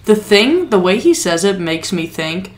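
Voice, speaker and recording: A woman co-hosting a podcast in casual chat, animated and often quoting lines in mock voices. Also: medium pitch, unhurried. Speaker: podcast co-host.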